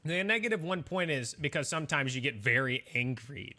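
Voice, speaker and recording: A man's voice: medium pitch, animated, fairly quick, hardly any pauses, bright, forceful tone. A young man, a game streamer, chatting casually with his viewers in a rambling, defensive way with lots of fillers.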